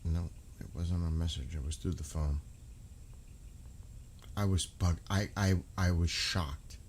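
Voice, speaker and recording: A middle-aged man streaming live, talking in a halting, emotional way with many restarts. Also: sits low, steady tone, slight background noise. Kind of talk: casual live-stream talk.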